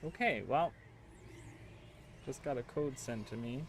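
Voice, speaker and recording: A man's voice: mid-range voice, animated, unhurried, noisy background. A man streaming a game live, chatting to his viewers in a casual, easily flustered and exasperated way. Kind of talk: casual livestream chat while gaming.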